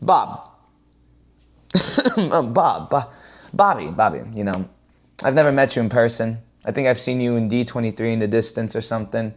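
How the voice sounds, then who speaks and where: A man ranting casually to his viewers as a vlogger, repeating himself and swinging from loud exclaims to low mutters. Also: lively intonation, moderate pace, pauses often.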